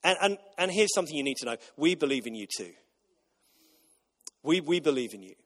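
A man's voice: on the high side, very animated, fairly quick, fairly bright tone. A man preaching a sermon as pastor, emphatic and repetitive, getting the congregation to repeat lines back. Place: church auditorium. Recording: long reverb of a large hall.

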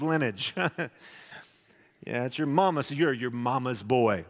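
Man, pastor, sermon, conversational Bible teaching, wry asides, fairly high voice, long hall reverb. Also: very animated, moderate pace, long pauses, a bit bright.

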